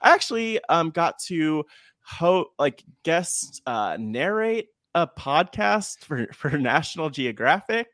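A man's voice: fairly high pitch, sing-song, takes it slowly, fairly bright tone, no echo, studio quality. A young man co-hosting a podcast, talking in an earnest, chatty way with playful jokes. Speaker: podcast co-host. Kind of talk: casual podcast chat.

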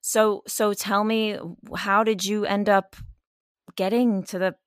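A woman's voice: mid-range voice, little pitch movement, slow, no echo, studio quality. A woman co-hosting a podcast in casual chat, reacting often to her co-host. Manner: warm interjections, reactive listener.

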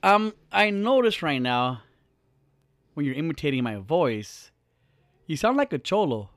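A man's voice: on the high side, sing-song, unhurried, a bit bright, no echo. A young man hosting a podcast, chatting casually, joking and swearing freely in a small studio. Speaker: podcast host.

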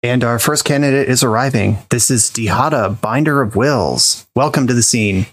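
A man's voice: medium pitch, moderate pace, fairly bright tone. Man doing mock live-report patter. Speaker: award presenter.

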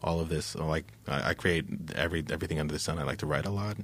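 An American man with a deep, resonant voice, chatting casually as a musician guest in an interview. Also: rapid-fire. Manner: relaxed, rambling, laughs often.

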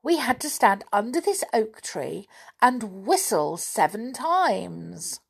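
A woman voicing an excitable young girl who gets upset easily, in a storybook reading. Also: mid-range voice, takes it slowly, vocal fry, breathy edge, pitched above the performer's own voice, exaggerated voice. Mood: eager. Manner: eager, tearful.

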